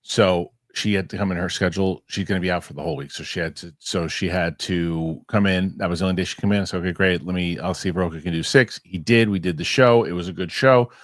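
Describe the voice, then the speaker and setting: A man's voice: low voice, steady tone, fast, hardly any pauses, no echo, studio quality. A man hosting a casual podcast chat, jokey and rambling. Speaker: host. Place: New York studio.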